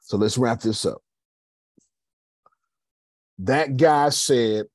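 A man's voice: medium pitch, very slow, a little mellow, no echo. A man, talking casually to his listeners about his business, calling them y'all. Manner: conversational, addresses listeners as y'all. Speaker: host. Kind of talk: motivational business talk.

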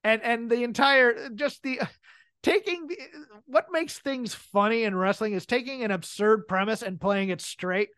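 A woman co-hosting a casual chat show. She talks in an animated way, laughs often and acts out quotes. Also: a little high, a little slow, no echo. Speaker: podcast co-host.

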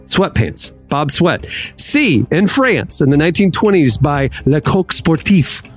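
A man's voice: on the high side, big pitch swings, measured pace, soft background music. A man hosting a trivia game on a podcast, playful and emphatic, often laughing between questions. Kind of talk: casual quiz hosting.

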